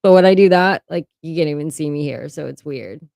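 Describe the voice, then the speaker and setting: Her voice is low-pitched, gravelly, and a little mellow, and she talks fairly quickly as she hosts a relaxed home livestream. She speaks candidly, swears casually, and laughs a lot, recorded on a desk microphone with no echo.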